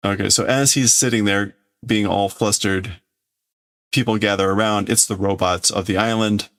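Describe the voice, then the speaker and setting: A man's voice: fairly low pitch, fairly even intonation, normal speed, a bit bright. A man who streams himself translating a comic, talking casually and thinking aloud with many hedges. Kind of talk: casual live commentary.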